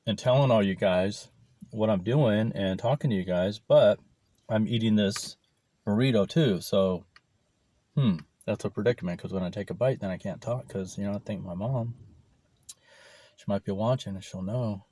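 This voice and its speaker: A man's voice: fairly low pitch, normal speed, dark tone. A man vlogging casually while he eats lunch, rambling and swearing freely, recorded without his clip-on mic. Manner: rambling, profane, swears often. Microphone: camera mic, no clip-on mic.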